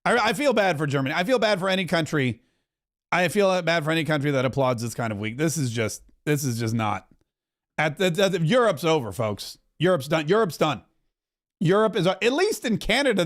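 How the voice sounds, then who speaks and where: A man's voice: on the high side, lively intonation, a faint crowd. A man hosting opinionated political commentary, sarcastic and mocking, speeding up and then drawing words out. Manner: sarcastic, mocking, pace swings between rushed and drawn out.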